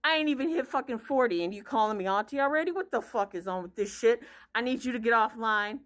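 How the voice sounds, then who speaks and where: Woman, 30s, high-pitched vlogger, blunt profane ranting storyteller. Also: animated, fast. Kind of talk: casual vlog rant.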